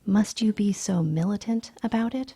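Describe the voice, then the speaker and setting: A woman voicing a sharp, petulant young socialite with a breathy, sing-song delivery in an audiobook reading. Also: medium pitch, normal speed, pitched above the performer's own voice, lightly acted. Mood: snippy. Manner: snippy and dismissive.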